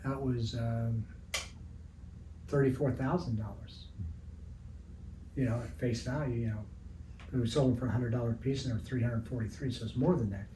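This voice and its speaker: A man's voice: medium pitch, fairly even intonation, moderate pace, long pauses. An older retired art teacher telling anecdotes in an interview, with a rambling, storytelling manner, in his studio. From Evansville, Indiana area. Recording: roomy, distant mic with faint noise.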